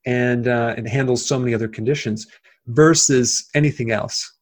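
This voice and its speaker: Guy guest on an interview, explains stuff simply, lots of ums, normal pitch. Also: steady tone, moderate pace. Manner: explains plainly with many fillers and restarts. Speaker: guest, health video creator. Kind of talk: casual interview talk.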